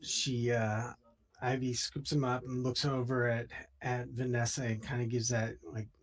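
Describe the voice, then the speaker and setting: A man narrating a tabletop game as game master in an unhurried, descriptive way. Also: medium pitch, level tone.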